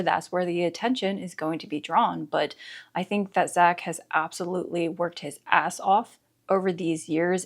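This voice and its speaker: A woman hosting a wrestling reaction video, gasping and laughing as she reacts live, then recapping in casual chat. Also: lowish voice. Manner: excitable, gasping, laughing often.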